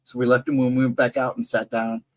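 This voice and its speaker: A man's voice: medium pitch, level tone, fast, low-quality recording. A middle-aged man telling a personal encounter story in a casual, rambling way, correcting himself and adding asides. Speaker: storyteller on a live chat show.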